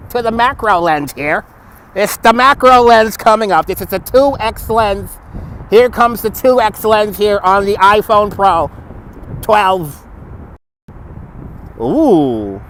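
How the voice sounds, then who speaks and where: A male livestream vlogger walks city streets at night, chatting casually into a phone on a gimbal, laughing often and repeating himself. His voice is high. The recording is rough, with a little hiss or hum.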